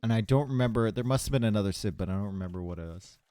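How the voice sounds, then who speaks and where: A man casting a live strategy game tournament, chatty and relaxed, chatting with viewers between plays from a home stream setup. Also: fairly low pitch, rapid-fire, dry recording. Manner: casual, chatty, talks to chat between plays. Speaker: tournament caster. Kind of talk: live esports commentary.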